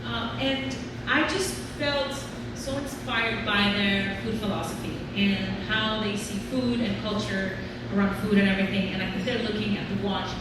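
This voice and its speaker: A woman's voice: mid-range voice, moderate pace, very noisy. Candid swearing woman chef in echoey hall. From Latin America. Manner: candid and lively, swears freely, laughs often. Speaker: chef giving a talk. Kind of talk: personal story talk on stage. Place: event venue stage. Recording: echoey hall, speaker far from the mic.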